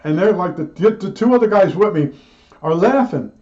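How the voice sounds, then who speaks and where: A man's voice: sits high, animated, moderate pace, a little mellow, highs cut off. Rambling older man telling a story. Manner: chatty, digressive, many restarts and asides. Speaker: storyteller recalling old work days. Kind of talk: rambling personal anecdote.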